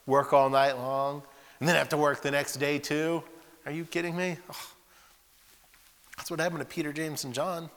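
A man preaching to young people, telling lively stories and asking rhetorical questions. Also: on the high side, moderate pace, long pauses. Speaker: preacher at a youth school and camp. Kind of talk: sermon with acted voices. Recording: echoey hall reverb.

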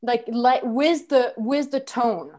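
Woman acting coach, workshop instructions, encouraging, stammering restarts, higher voice. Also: slow pace, warm tone.

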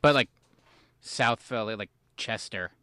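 A man's voice: lowish voice, a little slow, sharp tone, no room sound. A man co-hosting a casual podcast, rambling and self-deprecating as he reminisces. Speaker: podcast co-host. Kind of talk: casual chat.

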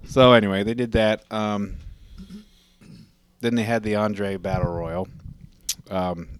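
Low-voiced man, rambling wrestling chat. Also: steady tone, takes it slowly. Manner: rambling storyteller, lots of fillers and asides. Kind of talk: casual chat.

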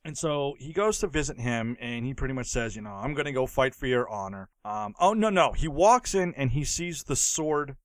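A man's voice: medium pitch, lively intonation, moderate pace, few pauses, dry recording, clean studio sound. A man co-hosting a podcast, joking and laughing often in casual movie-review chat. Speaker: podcast co-host.

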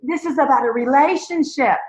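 A woman with a high-pitched voice speaks briskly as a podcast guest, sharing her faith testimony and leading listeners in prayer in an emotional, rambling way. The sound is roomy, dull, and lo-fi.

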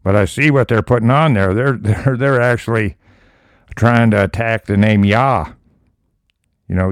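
A man leading a Bible study, reading scripture slowly and then breaking into emphatic commentary. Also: fairly low pitch, clear, resonant tone, no echo, clean studio sound.

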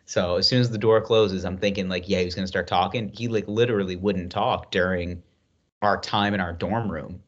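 A man's voice: deep voice, steady tone, normal speed. A man co-hosting a podcast, telling a story in a rambling, laughing, casual way. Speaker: podcast co-host. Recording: dull lo-fi sound.

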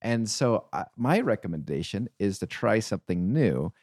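A man with a lowish voice co-hosts a casual comedy podcast, drifting through rambling anecdotes and restarting his sentences. The sound is dry and close, with no room around it. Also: big pitch swings, moderate pace, a little mellow, no echo. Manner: rambling storyteller, restarts often. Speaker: podcast co-host. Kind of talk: casual chat.

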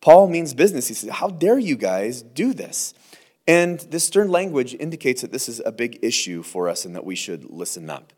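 A man's voice: mid-range voice, expressive, brisk, hardly any pauses, darkish tone. A man, a pastor, teaching through scripture verse by verse in a conversational, emphatic way, often restarting and repeating words.

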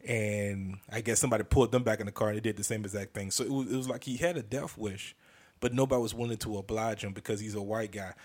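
A man hosting a comedy podcast, telling a story in a casual, animated and profane way, often restarting sentences. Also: lowish voice, fast talker.

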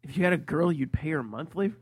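A man's voice: on the high side, expressive, fast talker, slightly rough, no echo, studio quality. A man co-hosting a podcast, teasing the host in a mock-serious way during casual chat.

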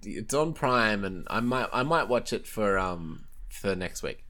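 A man co-hosts a casual podcast, laid-back and sweary. His voice sits a little lower than most men's. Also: expressive, measured pace, pushed and bright. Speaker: podcast co-host. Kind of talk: casual chat.

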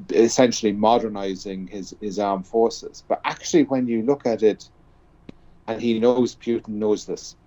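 Low, mellow-voiced male commentator, lo-fi. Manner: halting, many restarts. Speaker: guest commentator. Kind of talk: political commentary.

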